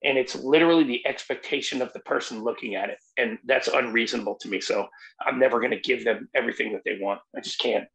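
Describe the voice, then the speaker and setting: Male musician guest from New Jersey, gravelly voice, rambling. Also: medium pitch, fast talker, a bit bright, rough recording. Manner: rambling, repeats himself, says "dude". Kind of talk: casual conversation.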